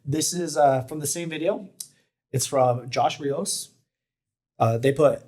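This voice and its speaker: A man's voice: a little high, takes it slowly, long pauses, a little mellow. A man co-hosting a casual podcast about fatherhood, friendly and agreeable, peppering his talk with "like" and "yeah". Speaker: podcast co-host, expecting father. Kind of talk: casual chat.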